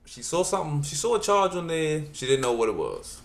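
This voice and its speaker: Animated male stand-up storyteller. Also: fairly high pitch, fairly quick. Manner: animated, punchy, exasperated asides. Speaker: comedian.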